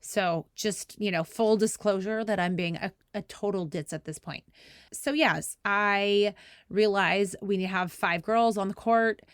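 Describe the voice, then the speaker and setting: Speaking at a measured pace in a smooth voice, this woman in her thirties hosts a podcast and tells a casual story. The studio sound is clean with no room sound. Full of "like" fillers and frequent laughter, she animatedly performs quoted lines in a higher voice.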